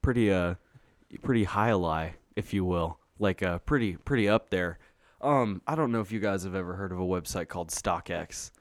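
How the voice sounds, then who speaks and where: Man, podcast co-host, low-pitched, rambling casual chat, fillers, very dry recording. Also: moderate pace, no echo. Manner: laid-back, rambling with fillers and restarts.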